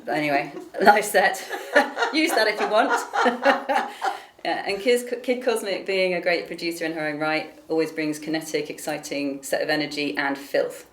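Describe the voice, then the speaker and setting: A woman hosting a casual chat, reading out local event listings in a relaxed way. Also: sits low, moderate pace, slight background noise. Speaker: host. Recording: echoey room.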